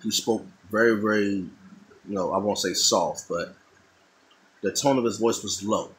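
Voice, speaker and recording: A middle-aged artist talks while he draws, in a casual, thoughtful monologue full of repeated and restarted phrases. His voice is fairly low and a little bright, his pace a little slow, and the audio is poor.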